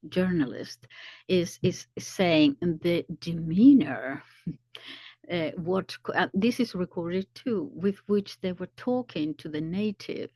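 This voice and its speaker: A woman commentator explaining events slowly, often pausing to search for words. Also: fairly low pitch, dark tone, no room sound. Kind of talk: commentary video.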